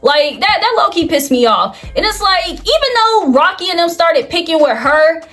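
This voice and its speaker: A woman's voice: extremely high pitch, expressive, normal speed, a bit bright. A young woman, chatting casually about a reality show with frequent "like, girl" asides. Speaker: reality TV commentator. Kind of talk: casual commentary vlog.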